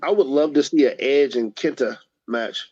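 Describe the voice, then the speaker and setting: A man's voice: medium pitch, normal speed, darkish tone, lo-fi sound. A man co-hosting a wrestling podcast, easygoing and laughing often in casual chat. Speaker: podcast co-host.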